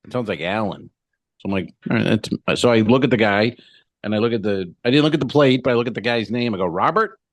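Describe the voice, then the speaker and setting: Low-voiced man telling a rambling story. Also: fast, no echo. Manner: profane, storytelling, acts out both sides of dialogue. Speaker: podcast co-host. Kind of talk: casual comedic chat.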